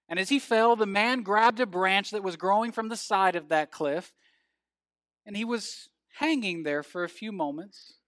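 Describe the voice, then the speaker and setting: A pastor preaches, reading scripture in a measured, earnest way and telling a story, with his phrases ending in a soft fall. His voice sits high, and the recording is dry with clean studio sound.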